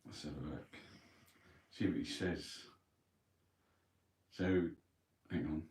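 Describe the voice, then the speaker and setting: A man's voice: extremely low pitch, fairly even intonation, slow, a little mellow, a little hiss or hum. A man hosting a casual newspaper review, blunt, mocking and full of swearing. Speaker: online show host. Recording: roomy, from a distance.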